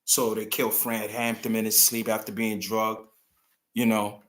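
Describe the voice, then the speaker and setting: A man's voice: fairly low pitch, flat delivery, normal speed. A man hosting a talk show, delivering a casual, rambling opinion monologue and acting out the people he quotes. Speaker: commentary show host.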